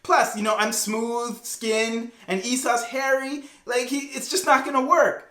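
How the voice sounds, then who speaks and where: A man's voice: high voice, normal speed, sharp tone, reverberant. A man voicing a nervous, protesting young son who is scheming to trick his father. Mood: anxious. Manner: anxious, protesting.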